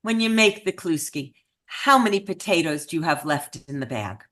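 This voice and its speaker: A woman voicing a grown daughter who gently and patiently questions her elderly mother. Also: deep voice, lively intonation, moderate pace.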